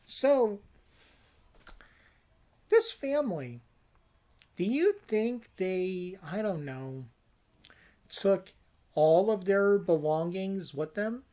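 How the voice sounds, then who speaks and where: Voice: medium pitch, expressive, drawn-out words, pauses often, dark tone. A storyteller voicing a desperate adult brother who pushes a risky plan, talking in a pushy, persuasive way. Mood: scheming. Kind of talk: casual spoken movie pitch.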